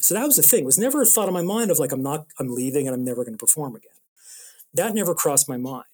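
A man from Toronto, an improv comedian telling stories in a casual interview, animated with lots of restarts. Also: fairly high pitch. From Toronto, Canada. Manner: animated storyteller, rambling restarts. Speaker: improv comedian and show producer.

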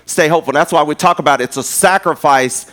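Pastor, male, slightly high voice, conversational live sermon with repetition. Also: fairly quick, fairly bright tone. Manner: conversational preaching with repeated words and rising emphasis. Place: church.

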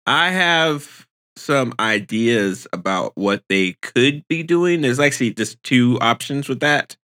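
A man talking casually as a podcast co-host, his bright, forceful voice leaping high whenever something excites him. He speaks with lively swings in pitch. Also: slow pace. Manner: animated, pitch jumps when excited. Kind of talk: casual chat.

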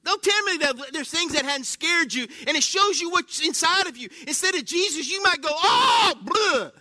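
A man's voice: extremely high pitch, normal speed, no echo, studio quality. A man preaching a sermon, telling stories animatedly, acting out exclamations and often asking the congregation questions. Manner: animated storytelling with acted-out exclamations; asks the congregation frequent questions.

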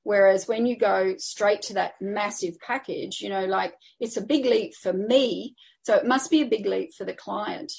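A woman's voice: mid-range voice, normal speed, vocal fry, darkish tone, husky. A woman guest, a coaching client, talking casually and chattily with lots of fillers. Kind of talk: casual conversation.

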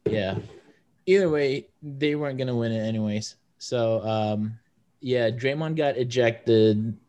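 A man's voice: mid-range voice, a little slow, darkish tone. Rambling young man chatting sports. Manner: rambling, lots of fillers. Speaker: podcast co-host. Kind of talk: casual sports chat.

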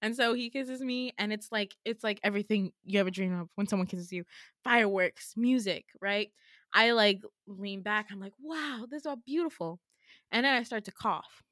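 A young woman co-hosting a podcast, telling a story in casual chat, animated and laughing often as she acts out quotes. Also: medium pitch, moderate pace, no room sound, studio quality. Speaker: podcast co-host.

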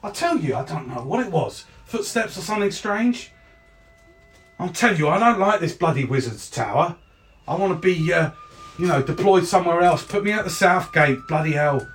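Man putting on a gruff guard, crude and suspicious, higher voice, lively swings. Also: moderate pace, far from the mic. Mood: grumbling. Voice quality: gruff, swearing. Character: grumbling male city guard, suspicious and crude.

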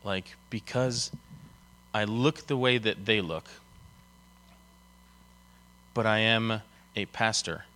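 A man's voice: fairly low pitch, slow, long pauses, bright, forceful tone. A young man from Colorado, a pastor giving a casual sermon, chatty and full of fillers as he tells stories. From Colorado, USA. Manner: casual and chatty, many fillers, storytelling with acted quotes. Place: church.

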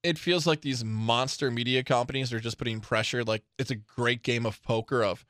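A man co-hosting a sports talk radio show, animated and given to exaggerated bits. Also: medium pitch, fairly quick, no room sound, studio quality. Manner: animated, puts on voices, exaggerated.

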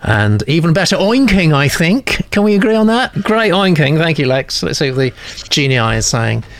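A man with a gravelly, creaky voice hosts a relaxed critique session, reading out viewers' comments. He hesitates often with ums and uhs. The sound is dry and close to the mic. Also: on the high side, normal speed, no echo. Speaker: host of a manuscript critique show. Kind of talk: casual chat, reading out comments.

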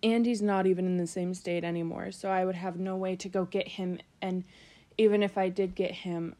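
A woman hosting her podcast in a groggy morning voice, talking slowly and sorrowfully with many pauses and ums. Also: fairly low pitch, dark tone. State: groggy morning voice, just woken up. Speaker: podcast host. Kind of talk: casual solo podcast talk.

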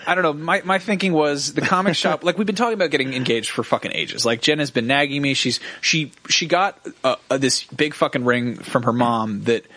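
A young man on a comedy podcast, telling a long story in a quick, profane, animated way and acting out bits of dialogue. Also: fairly high pitch, no room sound. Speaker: podcast co-host.

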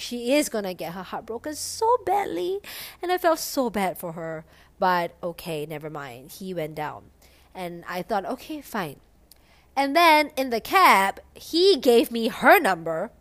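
A young woman telling a story casually, animated, swearing a lot and using lots of "like". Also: medium pitch.

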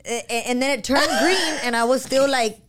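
Animated woman host, higher voice. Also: normal speed. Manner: animated, switches between English and Spanish. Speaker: podcast host. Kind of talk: casual storytelling chat.

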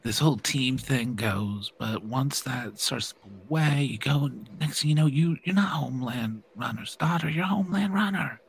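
A man's voice: medium pitch, moderate pace, gravelly, few pauses, slightly rough. A man with a twangy voice playing an emotional middle-aged superhero father who pleads and repeats himself. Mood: coaxing.

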